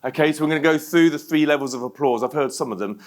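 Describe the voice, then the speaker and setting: A man's voice: on the high side, fast. A middle-aged man from England, giving a motivational keynote speech and leading the audience in call-and-response. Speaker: keynote speaker.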